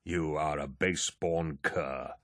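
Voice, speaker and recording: A man's voice: lowish voice, lively intonation, normal speed, a bit bright, dry recording, studio quality. A man voicing a proud, condescending warrior lord. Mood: angry. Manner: arrogant, condescending.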